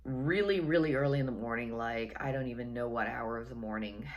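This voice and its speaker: A woman's voice: rumbling low, a little fast, muffled recording. A woman casually telling a personal story to her viewers, chatty and wry, repeating phrases for effect. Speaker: storytelling vlogger.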